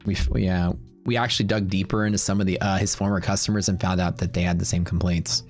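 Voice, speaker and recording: A man's voice: sits low, flat delivery, fast, a little mellow, faint music behind. A man hosting a livestream, telling a long story in a casual, rambling way, full of fillers and quoted back-and-forth. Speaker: livestream host.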